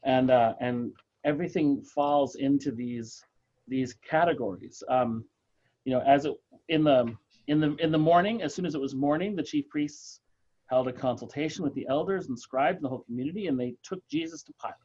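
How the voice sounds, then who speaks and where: A man leading a church book group discussion, thoughtful and halting, with many fillers and restarts. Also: medium pitch, a little mellow, highs cut off.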